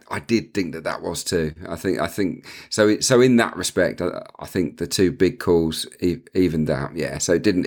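A man discusses matches as a pundit. He talks haltingly, often doubling his words as he works out his point. His voice is very deep. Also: a little mellow. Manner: halting, repeats words as he thinks. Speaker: football pundit. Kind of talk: casual studio punditry.

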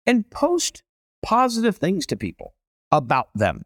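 Man, middle-aged, emphatic storyteller, very animated pitch, dry sound. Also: measured pace, dry recording. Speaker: celebrity chef guest. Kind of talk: casual conversation.

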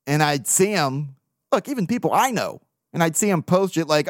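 A man's voice: a little high, big pitch swings, a little slow, no echo, clean studio sound. A man hosting a sports podcast, venting bluntly and profanely in casual talk. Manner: blunt, profane, venting, with mocking put-on quotes. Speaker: podcast host.

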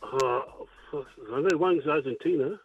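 A man calling into a radio quiz, excitable and laughing a lot. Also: fairly high pitch, a little slow, breathy edge, no room sound, narrow, tinny audio, faint music behind. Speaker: radio caller.

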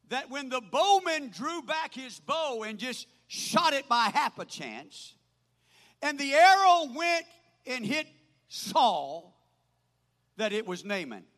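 An older man preaching a sermon as pastor, swinging from loud proclaiming to quiet asides. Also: extremely high pitch. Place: church. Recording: hall reverb.

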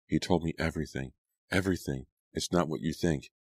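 A tearful teenage girl, as a deep-voiced male reader plays her, murmuring her words softly. Dry, close sound. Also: fairly quick, slightly rough, no room sound, heavily acted. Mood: distraught. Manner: soft, murmuring.

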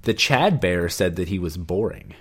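A man's voice: sits low, expressive, moderate pace, background noise. A man co-hosting a podcast, chatting casually with wry, teasing, sarcastic asides. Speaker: podcast co-host. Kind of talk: casual chat about a reality show.

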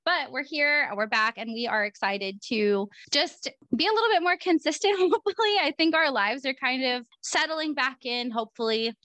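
A woman co-hosting a casual podcast chat, bubbly and quick to laugh, with lots of fillers. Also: sits high, pushed and bright, no echo. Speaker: podcast co-host. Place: Arizona.

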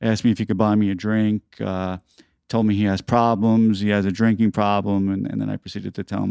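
A middle-aged New man tells a story on his podcast, his low voice gravelly and dark. He talks casually, full of "uh" and "you know", and gets louder when he replays an argument. The sound is smooth and dry, close to the mic. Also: little pitch movement, brisk, dry recording. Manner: conversational, frequent "uh" and "you know", acts out quoted exchanges with rising voice. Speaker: podcast host.

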